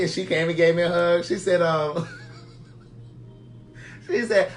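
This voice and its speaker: A man from the Baltimore area hosting a casual live chat, telling stories loudly with animated energy. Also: high-pitched, takes it slowly, long pauses, faint music behind. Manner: loud, animated storytelling. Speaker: host.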